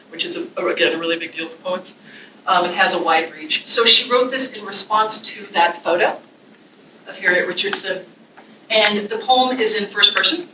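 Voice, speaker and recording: A woman's voice: mid-range voice, recorded from a distance, a little hiss or hum. Emotional woman teacher in an echoey room. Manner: expressive, emotional, chatty asides with fillers. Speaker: college English instructor. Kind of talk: classroom presentation with poetry reading.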